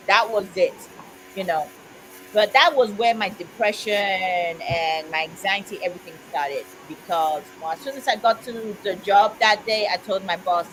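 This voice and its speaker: A woman's voice: mid-range voice, fairly bright tone, slight background noise, poor audio. A woman in casual chat, telling a heartfelt personal story in an earnest way with frequent "you know"s. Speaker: co-host of a community chat stream.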